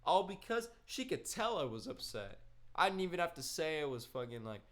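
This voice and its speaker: A man's voice: a little high, big pitch swings, fairly quick, fairly bright tone. Laid-back young man rambling casually. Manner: rambling, laid-back storytelling with slang and swearing. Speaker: gaming streamer. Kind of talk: casual chat while gaming.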